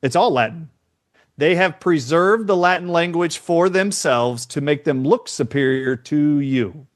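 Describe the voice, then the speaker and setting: Emphatic lecturing man, higher voice. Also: a little slow, dry recording, studio quality. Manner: emphatic, lecturing, quizzes the hosts. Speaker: guest doctor. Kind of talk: podcast conversation.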